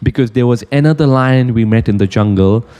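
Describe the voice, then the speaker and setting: A man's voice: mid-range voice, fairly quick, smooth, lightly acted. A man voicing a wily old rabbit. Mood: explaining. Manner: calm, cunning explaining.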